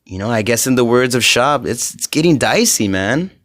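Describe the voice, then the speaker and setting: With a mid-range, expressive voice at normal speed, a young man runs a solo podcast, rambling and cursing with lots of fillers. As he continues he becomes heated and loud.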